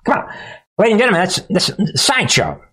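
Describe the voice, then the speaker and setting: A man's voice: high-pitched, wildly swooping pitch, quick pace, sharp tone, breathy edge. A man hosting a live political commentary show, mocking and combative, often laughing at the clips he plays.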